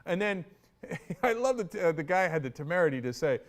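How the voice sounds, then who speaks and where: Animated sarcastic male political commentator. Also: fairly high pitch, fairly quick. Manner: sarcastic and mocking; mimics others in exaggerated voices.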